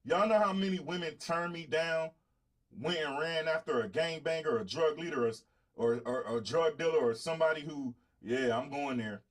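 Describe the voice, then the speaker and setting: Man, southern US accent, middle-aged, boastful and profane, confrontational rant, slightly high voice. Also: moderate pace. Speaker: podcast host. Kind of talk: blunt casual monologue to viewers.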